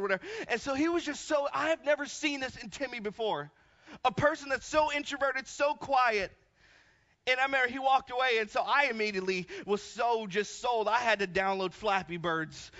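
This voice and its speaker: A young man preaching a sermon as a youth pastor, fervent and rising to shouts, often stumbling over repeated words. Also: high-pitched. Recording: dull lo-fi sound.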